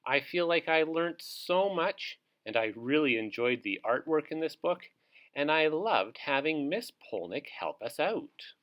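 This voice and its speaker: Animated man reading to small kids. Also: fairly high pitch, unhurried. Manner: cheerful, encouraging, speaks to small kids. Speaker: teacher reading to young children. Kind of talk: children's read-aloud.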